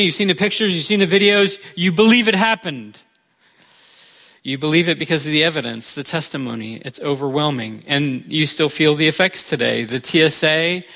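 Un hombre estadounidense de mediana edad que predica con un tono sincero y conversacional, voz algo aguda y muy brillante. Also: male voice, fairly high pitch, sharp tone. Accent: American. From United States. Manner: earnest, conversational storytelling. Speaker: pastor. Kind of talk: sermon.

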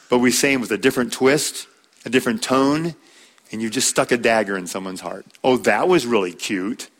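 A man's voice: medium pitch, a bit bright. A man teaching a church class on marriage, talking in a conversational way, repeating words and using fillers.

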